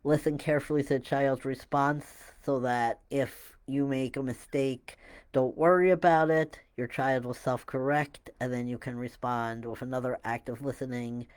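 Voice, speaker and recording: A man explaining a listening technique to parents in a relaxed, halting way, with many fillers and restarts. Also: mid-range voice, clear, resonant tone. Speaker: parenting educator. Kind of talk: casual instructional talk to camera.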